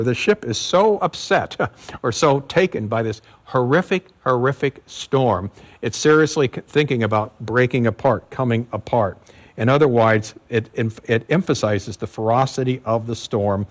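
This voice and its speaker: Male pastor, mid-pitched voice, relaxed teaching sermon, repeats words for emphasis. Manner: conversational teaching with fillers and emphatic repetition. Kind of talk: expository sermon.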